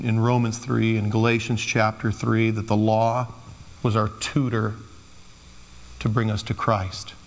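A man's voice: on the low side, darkish tone. A man preaching a sermon in a loose, conversational way, slipping into playful quoted asides. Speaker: pastor. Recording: long hall reverb.

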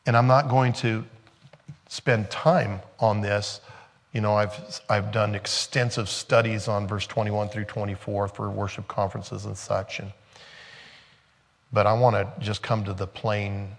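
A man's voice: fairly low pitch, steady tone, unhurried, vocal fry, in a large hall. A man pastor preaching a sermon in a conversational way, with joking asides and laughter.

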